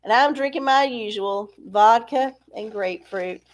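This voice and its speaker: A woman with a fairly high voice, hosting a casual live stream. She rambles along and pokes fun at herself as she chats with the viewers reading along in her chat. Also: measured pace. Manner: rambling, chatty, self-deprecating, frequent laughs. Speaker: livestream host.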